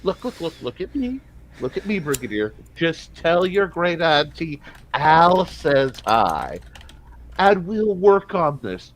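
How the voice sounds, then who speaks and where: A sly male elf pimp, played by a game master talks people round in an unhurried, sing-song patter. The pitch rises and falls freely as he wheedles. It is tabletop role-play banter. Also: sing-song, slight background noise. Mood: persuasive. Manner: coaxing, persuasive patter.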